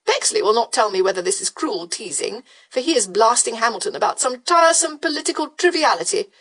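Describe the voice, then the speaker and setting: A woman doing a Regency dandy, affected and high. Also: lively intonation, fairly quick, fairly bright tone. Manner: affected, exclaiming. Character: foppish fashionable gentleman, theatrical. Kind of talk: audiobook character voice.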